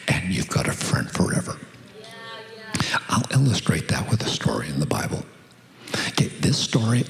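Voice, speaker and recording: A male preacher tells his sermon like a lively story, talking conversationally to the room. His low voice is gravelly and swings widely in pitch. Long hall reverb with faint music behind.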